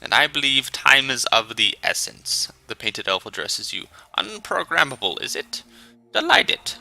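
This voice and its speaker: A man's voice: medium pitch, big pitch swings, unhurried, gravelly, sharp tone, pitched above the performer's own voice, full character voice, rough recording. A man playing a flamboyant sly elf sage. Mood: theatrical.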